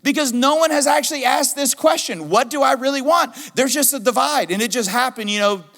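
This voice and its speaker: A middle-aged man preaching a sermon as pastor, animated and repeating his key questions for emphasis. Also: very high voice, brisk. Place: church sanctuary. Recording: reverberant church hall.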